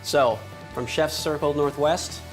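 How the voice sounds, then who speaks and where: A man's voice: a little high, fairly even intonation, a little slow, over music. A man hosting a cooking show as the chef, chatty and upbeat, talking viewers through each step in a kitchen. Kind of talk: cooking demonstration.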